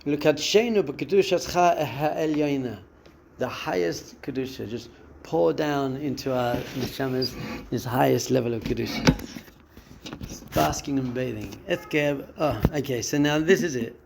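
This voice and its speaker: A man's voice: medium pitch, measured pace, vocal fry, background noise. A man, a rabbi giving a spiritual lesson and acting out the voices in a listener's head. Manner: expressive, acts out inner voices and quotes. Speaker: rabbi teaching a class.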